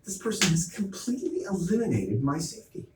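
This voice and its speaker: A middle-aged vlogger with a high voice and big pitch swings rants fairly quickly, retelling an argument in quoted back-and-forth. The agitated monologue is recorded in a roomy space from a distant mic amid noisy ambience.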